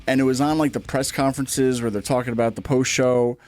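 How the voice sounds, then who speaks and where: A man's voice: medium pitch, fairly even intonation, brisk, a little mellow, no room sound. A man co-hosting a wrestling podcast in casual chat, rambling and repeating himself as he talks. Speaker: podcast co-host.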